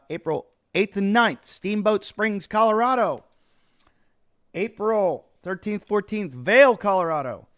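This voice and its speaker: A man's voice: mid-range voice, no room sound. Middle aged comedian guy hosting his podcast, rambly and jokey, dry close mic, no room sound. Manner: rambling, self-mocking, jokey. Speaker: podcast host and stand-up comedian. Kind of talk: casual solo podcast intro.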